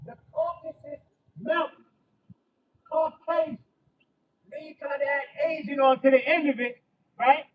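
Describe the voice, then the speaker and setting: Very high-voiced man preaching emphatically. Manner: emphatic, bursts into shouting, tags lines with "right?" and "okay?". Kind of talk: sermon with scripture reading. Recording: distant dull lo-fi mic with faint background noise.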